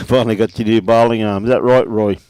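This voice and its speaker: A man with an Australian accent giving relaxed live commentary on a bowls match and greeting viewers by name. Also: lowish voice, brisk, clear, resonant tone, dry recording. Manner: laid-back, chatty, greets viewers by name. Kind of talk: live sports commentary with viewer shout-outs.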